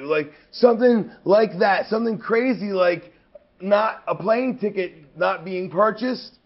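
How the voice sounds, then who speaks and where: A man in his thirties, a pro wrestler in an interview, telling a story in an emphatic, profane, rambling way. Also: high voice. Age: 30s. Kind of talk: anecdotal storytelling. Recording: dull lo-fi recording.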